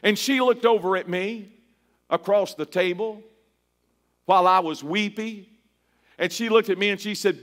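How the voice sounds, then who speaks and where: A middle-aged male pastor preaching a sermon in a church, moving from hushed storytelling to a fervent, half-sung shout. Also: high-pitched, normal speed, long pauses.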